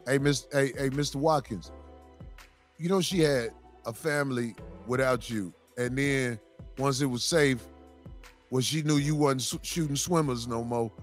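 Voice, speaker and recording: A man's voice: medium pitch, unhurried, faint music behind. A man on a podcast panel, teasing and mock-pleading in loose joking banter.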